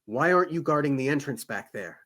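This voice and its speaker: A man's voice: mid-range voice, expressive, a little fast, a bit bright. A man voicing a grim rebel leader in a clipped, curt way.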